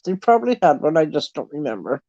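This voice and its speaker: A woman's voice: deep voice, big pitch swings, fast talker, dark tone, dry recording, highs cut off. A middle-aged Canadian woman with a Canadian accent, chatting casually with her viewers, telling stories and laughing often. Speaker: livestream host chatting with viewers. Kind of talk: casual chat.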